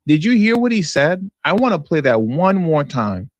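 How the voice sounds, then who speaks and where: A man's voice: on the high side, big pitch swings, normal speed, no room sound. Dry-sounding sarcastic male stream host. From California. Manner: sarcastic and mocking, repeats phrases for effect, chuckles. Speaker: livestream news commentary host. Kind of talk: casual political commentary to a live stream audience.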